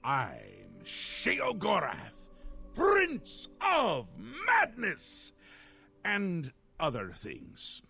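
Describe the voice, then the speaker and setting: Sheogorath, a gravelly mad prince. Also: male voice, wildly swooping pitch, extremely slow, soft background music, full character voice. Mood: manic. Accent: Scottish. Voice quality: gravelly, wildly swinging pitch, sudden shouts and cackles. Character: mad male prince of a demon realm, manic and capricious.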